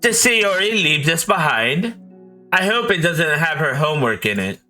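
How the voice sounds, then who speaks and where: A man voicing an earnest teenage girl who leads a literature club, in a soft falsetto. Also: very animated, normal speed, faint music behind, heavily acted. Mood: gentle. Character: poised teen girl, literature club president.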